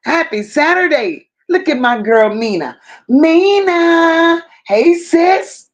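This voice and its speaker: A woman's voice: very high voice, animated, muffled recording. A woman hosting a casual livestream, greeting viewers one by one and reading their chat messages aloud. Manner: warm drawn-out greetings, reads chat aloud. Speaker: livestream host.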